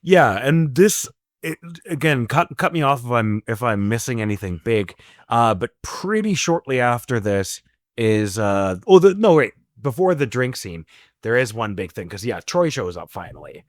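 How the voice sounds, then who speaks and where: Podcast host guy talking movies, trips over himself a lot, average pitch, dead dry sound. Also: big pitch swings, normal speed, no room sound. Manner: chatty, hesitant, self-correcting. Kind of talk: casual film discussion chat.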